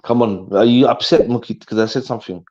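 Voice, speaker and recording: A man's voice: mid-range voice, fast, darkish tone. Man, casual live-stream chat, slangy, trails off, dull audio.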